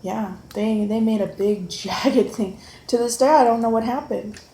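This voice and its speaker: A woman's voice: on the high side, normal speed. Encouraging mother in an echoey room. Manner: encouraging, motherly, gently coaxing. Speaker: mother homeschooling her son. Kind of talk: casual family chat. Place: home, at the breakfast table. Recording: echoey room with faint background noise.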